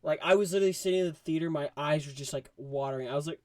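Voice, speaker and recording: A man giving a casual movie review, rambling and excitable, full of fillers. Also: a little high, very fast, dry recording.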